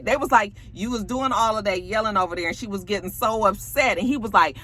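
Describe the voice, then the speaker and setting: A young woman recapping a reality TV episode in a casual vlog, gossipy and animated, acting out the cast's lines. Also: medium pitch, fast, hardly any pauses.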